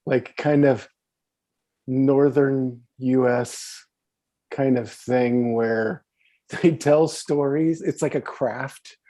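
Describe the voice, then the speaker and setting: A man in casual chat, talking in a halting way and often breaking into giggles. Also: mid-range voice, fairly even intonation, dark tone.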